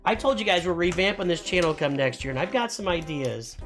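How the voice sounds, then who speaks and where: A man's voice: high voice, expressive, brisk, over music. A middle-aged man hosting a casual live stream, talking in rambling, self-interrupting bursts.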